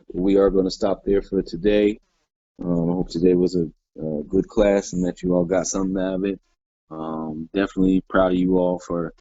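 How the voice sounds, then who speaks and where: Very low gravelly male teacher. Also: no echo. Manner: relaxed, many fillers and restarts. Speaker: Hebrew teacher. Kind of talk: classroom grammar lesson. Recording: dull lo-fi class recording.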